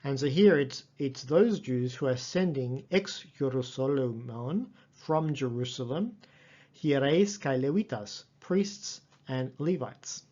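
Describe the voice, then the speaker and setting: A man lecturing on a text, reading passages slowly and carefully and explaining them as he goes. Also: medium pitch, expressive, warm tone, lo-fi sound. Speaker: Greek lecturer.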